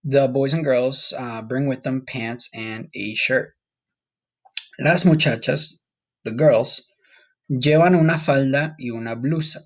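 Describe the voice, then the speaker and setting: A man's voice: medium pitch, slow pace. A man from Colombia teaching a Spanish vocabulary lesson in a casual, patient way, repeating words for students to practice. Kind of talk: recorded classroom lesson.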